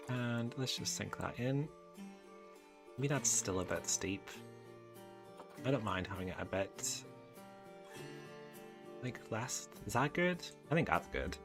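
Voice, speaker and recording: A man's voice: fairly low pitch, lively intonation, slow pace, long pauses. A man giving casual game commentary, chatting through each step and talking fondly to the animals on screen. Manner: chatty, narrates his own clicks and talks fondly to the animals. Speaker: gaming YouTuber. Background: game background music.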